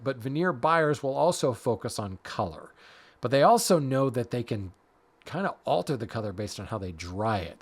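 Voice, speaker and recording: A man hosting a woodworking podcast, explaining wood grading and color in a casual, self-deprecating way that often restarts mid-sentence. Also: mid-range voice. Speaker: podcast host, hardwood lumber expert.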